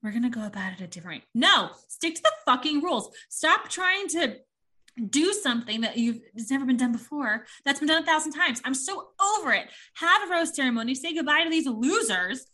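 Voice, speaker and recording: A woman's voice: high voice, expressive, moderate pace, bright, forceful tone. A woman co-hosting a casual gossip chat, swearing freely and mimicking people as she talks. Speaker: podcast co-host.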